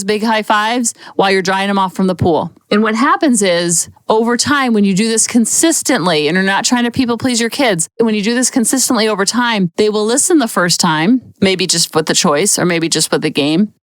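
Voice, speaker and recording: A middle-aged woman hosts a parenting show, talking through her advice in a lively, animated way. Her voice sits at an ordinary pitch and the recording is close and dry, with no room sound. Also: brisk, hardly any pauses, no echo, low-quality recording. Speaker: parenting podcast host. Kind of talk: casual advice talk.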